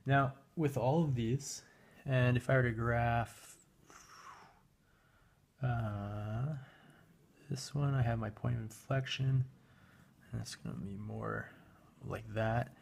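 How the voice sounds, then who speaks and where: A man records a math lesson in a gravelly, mid-range voice, taking it slowly and pausing often. Relaxed, he talks while working a graphing calculator, using fillers and correcting himself as he goes.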